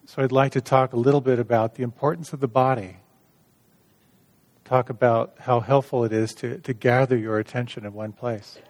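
Calm, gentle male meditation teacher. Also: mid-range voice, moderate pace. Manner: calm, gentle storytelling with light humor. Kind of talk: dharma talk.

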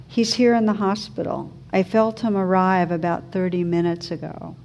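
A woman reading the lines of a quiet grieving widow in a story, speaking in a hushed, earnest way. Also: on the low side, little pitch movement, normal speed, creaky, a little hiss or hum.

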